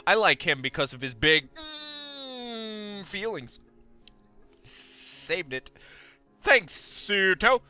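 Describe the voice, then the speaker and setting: Goofy, lively man on a headset. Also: sits high, extremely slow, clear, resonant tone, faint music behind. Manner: goofy, self-mocking, rambling. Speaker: let's play host. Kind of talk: casual gaming commentary.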